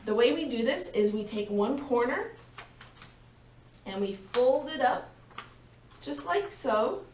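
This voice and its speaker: Slow, upbeat woman teaching a class. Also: a little high, lively intonation, darkish tone, a little hiss or hum. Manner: slow, clear, encouraging classroom delivery. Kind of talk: demo vocabulary lesson for young learners. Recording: echoey room, voice from a distance.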